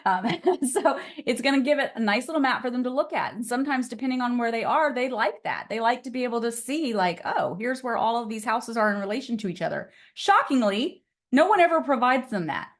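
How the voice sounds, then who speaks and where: A woman's voice: on the high side, expressive, fairly quick, hardly any pauses. Chatty, upbeat woman teaching a class. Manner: chatty, upbeat, laughs often. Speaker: real estate trainer. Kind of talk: casual live online class.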